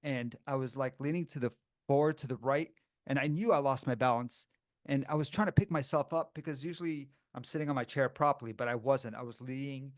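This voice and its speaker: A man's voice: medium pitch, fairly quick, no room sound, studio quality. A man co-hosting a podcast, telling funny stories in a casual chat, laughing often and acting out other people's voices. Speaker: podcast co-host.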